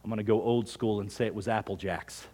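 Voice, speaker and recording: Telling everyday stories from the pulpit, a middle-aged pastor preaches with lively energy in a husky, lowish voice, fairly quickly. At times he sinks to near-whispers to drive a point home.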